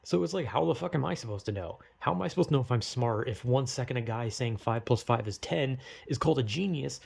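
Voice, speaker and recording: A man's voice: medium pitch, animated, quick pace, vocal fry, darkish tone, slightly rough. A man talking straight to the camera in a rambling vlog, full of fillers, swearing and self-deprecating rhetorical questions. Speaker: vlogger. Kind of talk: rambling casual monologue.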